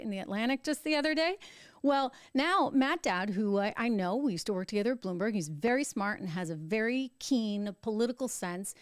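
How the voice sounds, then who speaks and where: A woman's voice: mid-range voice, dry recording, clean studio sound. A middle-aged woman hosting a live political show, speaking emphatically and building to heated, repetitive peaks. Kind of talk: opinionated live-stream commentary.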